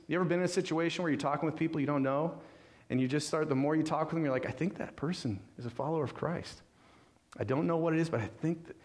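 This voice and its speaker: A male pastor from California delivers a sermon with lively storytelling. He slips in and out of character voices and keeps asking his listeners questions. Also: a little high. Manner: animated storytelling, acting out voices, rhetorical questions.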